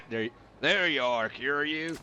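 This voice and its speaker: A man's voice: mid-range voice, slow pace, sharp tone, a little hiss or hum, pitched above the performer's own voice. A man reading out the lines of a boastful, ruthless male billionaire gambling boss from a video game, in a taunting, cocky manner.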